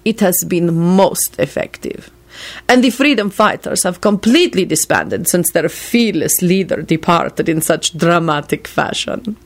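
A woman's voice: on the low side, expressive, unhurried, creaky, full character voice. Woman doing a smug vampire lord, Radu. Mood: bored, smug. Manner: languid, coolly self-satisfied, disdainful. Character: cool aristocratic male vampire lord.

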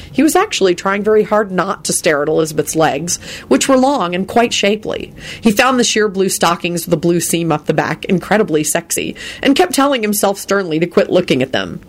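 A woman narrating a story aloud in an expressive reading style. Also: lowish voice, a little fast.

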